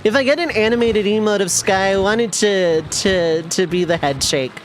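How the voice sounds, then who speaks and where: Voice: medium pitch, normal speed, slight background noise. A streamer chatting casually with viewers while playing, rambling and self-amused. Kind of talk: casual live-stream chat while gaming.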